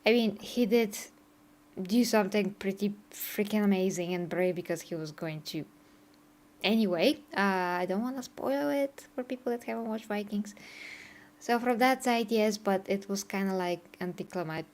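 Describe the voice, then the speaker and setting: A woman's voice: medium pitch, moderate pace, a little mellow. A woman, chatting casually on a live stream, laughing often and answering her chat. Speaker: streamer reacting to game trailers. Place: home streaming setup in Bulgaria.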